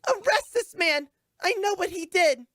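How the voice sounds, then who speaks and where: A man voicing a hysterical young woman passenger who shouts melodramatic accusations. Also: expressive, a little slow, no echo, heavily acted. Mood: accusing. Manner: shrill, melodramatic outbursts.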